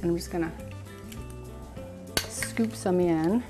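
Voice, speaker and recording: A woman's voice: lowish voice, takes it slowly, music in the background. A middle-aged woman hosting a casual cooking demonstration in a kitchen, chatty and enthusiastic, thinking aloud as she works. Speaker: cooking show host.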